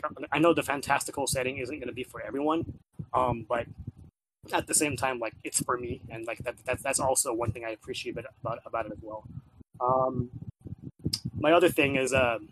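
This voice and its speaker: Rambling about a video game he's been playing, a man chats casually, restarting sentences, repeating himself, and leaning on filler words. His voice sits at a middle pitch over a faint background hiss.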